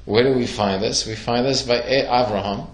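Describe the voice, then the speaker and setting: A man's voice: medium pitch, normal speed. A man teaching a Torah lesson to a class, asking questions and telling stories with acted-out quotes. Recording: echoey room.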